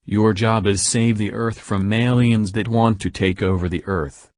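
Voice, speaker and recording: A calm, matter-of-fact spaceship computer from a homespun storybook, as a man reads her lines. The delivery is flat and a bit low, hardly set apart from the narration. The sound is close and dry. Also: a little slow, no room sound. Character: calm female ship computer voice.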